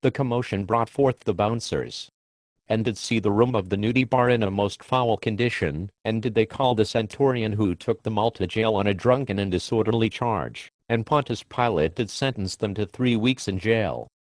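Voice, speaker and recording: A man narrating a crude comic parable in a deadpan, mock-biblical manner. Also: on the low side, normal speed, no room sound. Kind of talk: mock-scriptural comic storytelling.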